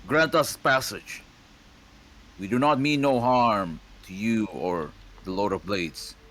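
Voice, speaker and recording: A man's voice: fairly low pitch, takes it slowly, fairly bright tone. A man voicing a formal male commander who leads a company and speaks in stiff, formal orders.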